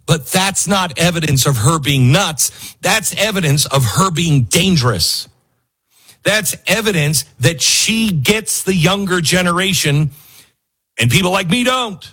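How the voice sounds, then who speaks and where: Middle-aged man, talk-show host, husky voice, lively swooping delivery, fairly high-pitched, opinionated monologue, laughs and mocks. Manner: animated, laughing, mocking asides. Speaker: political commentary show host.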